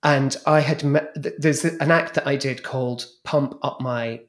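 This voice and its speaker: A man's voice: medium pitch, moderate pace. A man, a guest in an interview, telling frank, bawdy stories about his past stage acts. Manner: frank, bawdy, animated storytelling. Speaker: guest, former club DJ and drag performer. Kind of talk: anecdotal storytelling in a podcast interview.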